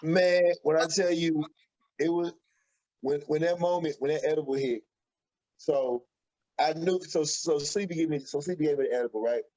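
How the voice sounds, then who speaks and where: A man, co-hosting a podcast and telling an animated story, acting out the quotes excitedly. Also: fairly high pitch, normal speed. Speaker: podcast co-host. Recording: dull lo-fi audio.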